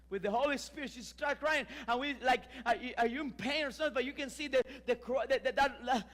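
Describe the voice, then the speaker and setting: A male pastor, preaching a lively sermon full of restarts and emphatic rises. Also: extremely high pitch, long reverb tail. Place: church sanctuary.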